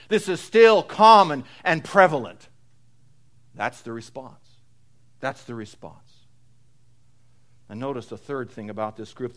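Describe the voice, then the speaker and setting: A man preaching an expository sermon, swinging between loud emphatic stress and low, quiet passages, often repeating phrases for weight.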